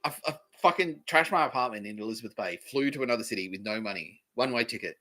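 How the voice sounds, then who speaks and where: Aussie guy doing a sweary rambling comedy rant on his podcast, sharp bright voice. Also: medium pitch, lively intonation, fast. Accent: Australian. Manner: profane, rambling, mock-outraged. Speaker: podcast host.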